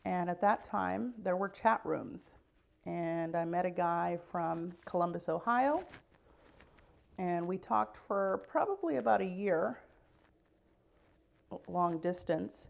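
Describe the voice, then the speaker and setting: Middle-aged woman, slow casual vlog talker, low gravelly voice, dry asides. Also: lively intonation. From United States. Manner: chatty, unhurried storytelling with dry asides. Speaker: vlogger. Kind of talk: get-ready-with-me vlog chat.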